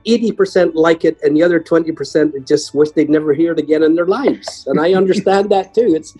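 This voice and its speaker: An older man, a guest musician, telling humorous stories in a chatty, lively way. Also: fairly high pitch, fairly quick, slightly rough, faint music behind, rough recording. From Ireland. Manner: chatty, humorous anecdotes with lively voiced quotes. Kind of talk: conversational storytelling.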